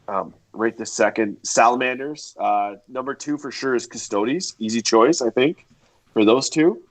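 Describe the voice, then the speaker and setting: A man's voice: mid-range voice, moderate pace. A congested man hosting a podcast, steering the casual chat and thinking aloud. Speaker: podcast host.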